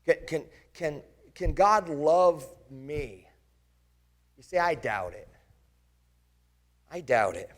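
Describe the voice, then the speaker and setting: A man's voice: fairly high pitch, expressive, takes it slowly, long pauses. A man playing the disciple Thomas speaks in his own slightly raised voice, earnest and impassioned. He tells it in first person as a dramatic sermon monologue. He searches and presses his listeners with direct questions. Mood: reflective. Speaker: pastor.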